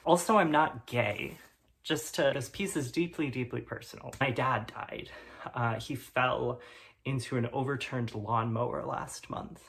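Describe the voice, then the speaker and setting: A man playing an awkward teenage boy who reads his melodramatic fan fiction aloud in a deadpan, hesitant way, with mumbled asides. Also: medium pitch, unhurried, vocal fry. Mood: sheepish. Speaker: comedy performer. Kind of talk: deadpan comic reading of melodramatic prose.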